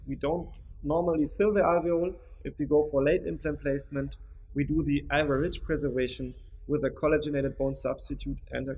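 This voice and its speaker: A man presenting a dental implant lecture in a webinar, then answering questions, measured and often restarting his words. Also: high-pitched, slightly rough. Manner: measured, with frequent restarts and hesitations.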